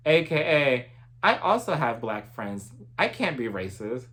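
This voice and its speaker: A man's voice: mid-range voice, very animated, measured pace, a bit bright. A man giving a sassy, gossipy recap of a reality TV episode in a casual vlog. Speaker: TV recap vlogger.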